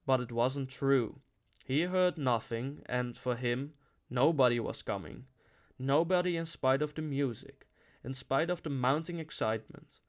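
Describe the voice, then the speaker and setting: A man's voice: medium pitch, unhurried. A man reading a novel aloud with dramatic expression. He lingers on phrases and lets tension build in the prose. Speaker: audiobook reader.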